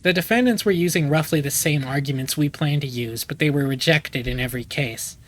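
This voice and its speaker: A man reading the lines of a formal male lawyer giving a report by phone in a game, in a measured tone. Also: a little high, voice pushed down, close to an everyday voice, rough recording. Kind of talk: reading game dialogue aloud.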